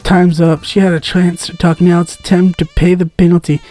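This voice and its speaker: A man's voice: sits high, little pitch movement, normal speed, mellow, soft background music. A man giving let's-play commentary, reading game text aloud and making joking asides with frequent giggles. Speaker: gaming content creator.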